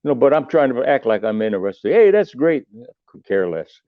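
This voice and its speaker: A man's voice: on the low side, animated, fairly quick, dry recording. An older man spins loose, salty anecdotes, circling back and restarting as he goes. His voice comes through a thin, tinny phone line with no room sound at all. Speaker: podcast guest, musician. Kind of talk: casual storytelling.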